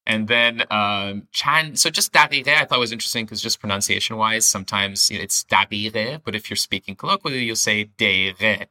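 A man's voice: fairly low pitch, fast talker, hardly any pauses, sharp tone. A man co-hosting a language lesson, explaining phrases enthusiastically in a casual teaching chat, thinking aloud with restarts.

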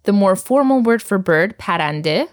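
A woman's voice: mid-range voice, animated, a little slow. A woman teaching vocabulary to a learner, patient and encouraging, often laughing. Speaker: language teacher.

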